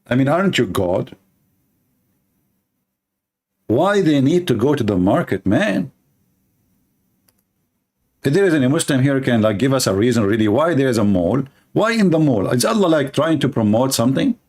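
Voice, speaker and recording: A man's voice: medium pitch, darkish tone. A man giving mocking commentary on religion, sarcastic and often laughing. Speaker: religion critic.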